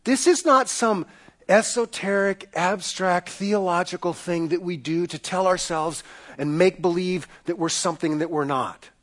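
Middle-aged man, pastor, sermon, emphatic repetitive cadence, high pitched voice. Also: a little slow, a bit bright.

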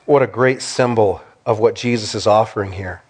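A man's voice: fairly low pitch, normal speed, darkish tone, slightly rough. A man, a pastor, preaching a sermon with emphatic, repeated declarations that build in intensity.

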